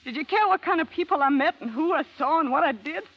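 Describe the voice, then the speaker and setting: A woman's voice: sits high, lively intonation, fast talker, a bit bright, low-quality recording. An actress playing a bitter, defiant young woman confessing a shameful past, in a blunt, slangy, scornful way. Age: young adult. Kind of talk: dramatic acting.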